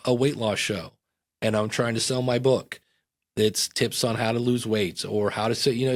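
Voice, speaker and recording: A middle-aged man, a podcast guest, chatting casually and telling lively anecdotes in which he acts out the voices of the people in them. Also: medium pitch. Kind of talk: casual storytelling chat.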